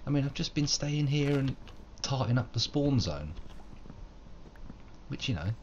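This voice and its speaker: A man's voice: mid-range voice, very animated, a little slow, darkish tone, dull audio, a little hiss or hum. A man giving rambling, self-mocking live commentary while playing a game, wordy and fond of old-fashioned flourishes. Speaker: game streamer.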